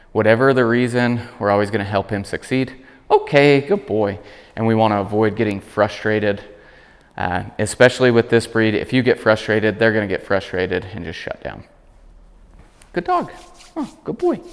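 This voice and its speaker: A man working as a dog trainer, calmly explaining commands while demonstrating them with his dog. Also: big-room sound. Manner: calm explaining, high praise voice for dog. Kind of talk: instructional demonstration.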